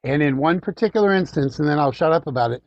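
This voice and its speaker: A man's voice: fairly high pitch, animated, fast, a little mellow, slight background noise. A man co-hosting a local radio show who tells stories in a chatty way and repeats phrases for emphasis. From Illinois, USA. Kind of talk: casual radio chat. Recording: dull, lo-fi radio audio.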